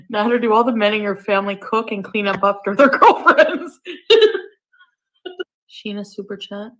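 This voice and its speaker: A woman's voice: medium pitch, normal speed, a bit bright, low-quality recording. A woman on a livestream asking teasing questions and giggling in casual chat.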